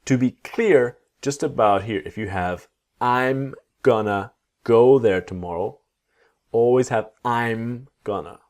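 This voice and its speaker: A man teaching English pronunciation, modeling each sound slowly and deliberately for learners to repeat. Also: mid-range voice, a little mellow. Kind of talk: pronunciation lesson.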